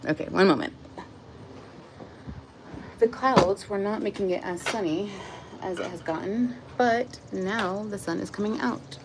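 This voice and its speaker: A woman's voice: medium pitch, unhurried, pauses often, very noisy. A woman reading her own book aloud outdoors into a phone, emotional and close to tears, with personal asides. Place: outdoors in the sun.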